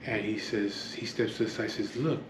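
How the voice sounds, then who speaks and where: A man's voice: fairly low pitch, flat delivery, normal speed, roomy sound, noisy background. A man telling a story casually to camera from his home, rambling, swearing often and drifting into asides. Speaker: vlogger. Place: at home, near an open door to the street.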